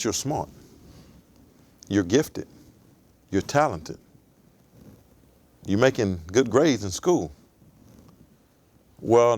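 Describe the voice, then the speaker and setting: Speaking thoughtfully and at an even pace, a forties-aged man tells his life story as a guest in an interview. The voice is lowish, and the recording is dry.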